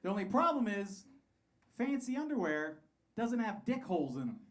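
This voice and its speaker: A man in his thirties doing a crude, animated stand-up set on a comedy club stage, laughing through his punchlines. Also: high-pitched, normal speed. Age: 30s. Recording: live club recording, crowd and room noise.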